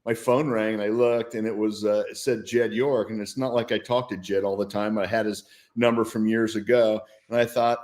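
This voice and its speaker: A man's voice: fairly low pitch, little pitch movement, normal speed, a little mellow. A man in his sixties, a guest on a talk show, telling a story in an upbeat, casual way with frequent restarts. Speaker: guest, former football player. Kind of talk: casual interview chat.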